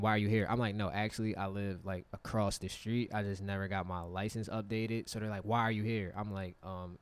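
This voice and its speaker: A young man in his twenties, a podcast co-host, telling a story in casual, profane talk and acting out what people said. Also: lowish voice. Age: 20s. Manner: animated, profane, acts out quotes.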